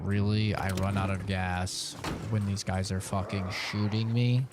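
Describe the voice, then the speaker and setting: A man's voice: fairly low pitch, little pitch movement, measured pace, over loud music. A man streaming a video game, giving live commentary full of profane jokes and banter aimed at the characters on screen. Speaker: gaming streamer.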